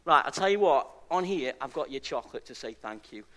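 A man's voice: mid-range voice, animated, fairly quick, fairly bright tone. A man preaching a sermon as pastor, emphatic and fond of repeating key phrases for stress. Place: church service.

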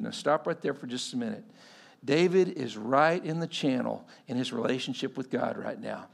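A pastor preaching a sermon, animated, acting out the voices in the stories he tells. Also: medium pitch, moderate pace, creaky.

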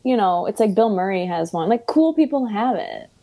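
A woman's voice: mid-range voice, moderate pace. Chatty woman with a Chicago accent. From Chicago area, US. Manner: chatty and animated, fond of "like". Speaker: podcast guest. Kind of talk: casual chat.

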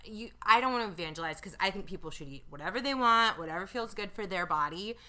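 Woman, podcast co-host, casual chat, lively pitch, bright tone. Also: quick pace. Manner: animated, jokey storytelling with acted-out quotes.

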